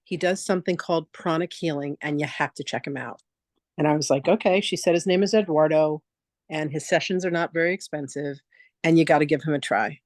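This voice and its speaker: A woman's voice: sits low, fairly quick, no room sound. Woman host, chatty storyteller, dry close video-call sound. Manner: chatty, animated, acts out quotes in a lively voice. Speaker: spiritual teacher hosting a free online masterclass. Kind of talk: casual storytelling on a live video session.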